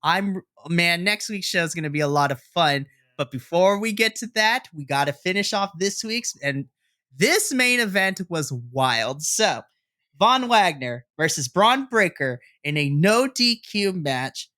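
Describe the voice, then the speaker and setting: Young male podcast co-host, excitable recapper, crisp bright tone, dry close sound. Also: sits high, measured pace, no room sound. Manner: excitable storyteller, swears, acts out reactions. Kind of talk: casual wrestling recap.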